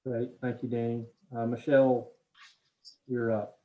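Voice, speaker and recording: A man with a Southern US accent runs the introductions on a video call, moving briskly from one person to the next. His voice comes through a tinny, phone-like line at an ordinary middle pitch. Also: level tone. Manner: brisk, calling on each person in turn. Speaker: meeting moderator.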